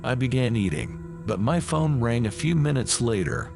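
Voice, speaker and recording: A man reading a first-person horror story as scripted narration, with lively, dramatic delivery. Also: mid-range voice, normal speed, over music.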